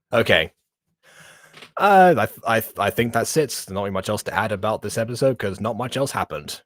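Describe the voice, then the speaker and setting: A man's voice: lowish voice, lively intonation, normal speed, long pauses, no room sound. A man co-hosting a reaction stream, chatting casually and rambling with frequent laughs. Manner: rambling, laughing between thoughts. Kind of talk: casual chat.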